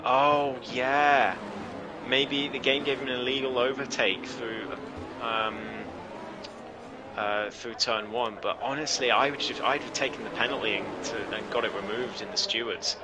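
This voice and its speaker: A man commentating a sim race live, easygoing with lots of fillers, climbing in pitch when the action heats up. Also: measured pace, background noise. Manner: relaxed, many fillers, rises sharply when action heats up.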